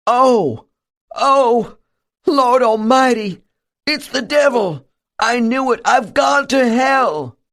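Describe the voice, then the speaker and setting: A man voicing a terrified preacher who believes he faces the devil, wailing in a shrill, panicked voice. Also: moderate pace, few pauses, fairly bright tone. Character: terrified old-time preacher man facing a demon.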